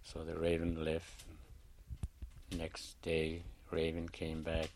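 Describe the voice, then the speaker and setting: Man, very low voice, oral folktale, plain unhurried telling. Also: steady tone, slight background noise. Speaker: storyteller. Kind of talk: traditional oral storytelling.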